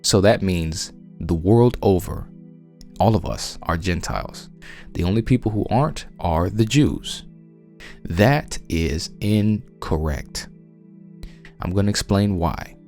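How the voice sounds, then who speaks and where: A man's voice: low voice, animated, takes it slowly, vocal fry, a little mellow, soft background music. A man with a Southern US accent giving an emphatic, conversational Bible teaching as a podcast host. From United States. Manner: emphatic, insistent, frequent restarts.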